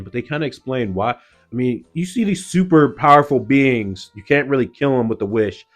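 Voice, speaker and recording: A man's voice: medium pitch, lively intonation, normal speed, soft background music. A man giving a casual, slangy recap of an anime episode, loose and full of "like" and "yo". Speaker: anime reviewer.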